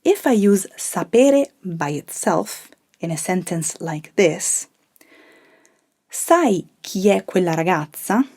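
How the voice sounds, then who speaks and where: A woman teaching a language lesson, explaining grammar calmly and modelling example phrases clearly. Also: fairly low pitch, slow pace. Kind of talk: scripted lesson narration.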